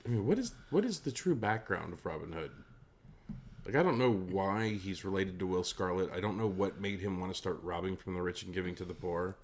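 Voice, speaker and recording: A man's voice: deep voice, fairly quick, a little hiss or hum. A young adult man co-hosting a casual movie podcast, wry and joking. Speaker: podcast co-host. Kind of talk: casual chat.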